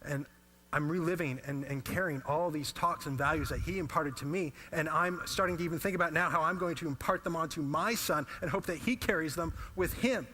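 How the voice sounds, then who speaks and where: Bright-voiced storytelling pastor. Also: male voice, a little high, fairly quick, slight background noise. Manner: animated storytelling. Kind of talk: sermon.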